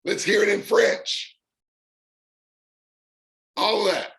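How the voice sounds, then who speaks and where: A man with a fairly high voice talks to his online community in an unscripted live stream. He hammers his points home in short repeated lists and stretches out the words he wants to land. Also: fairly even intonation, takes it slowly, creaky, fairly bright tone. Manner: emphatic, repeats phrases in punchy lists. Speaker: host of an online business community.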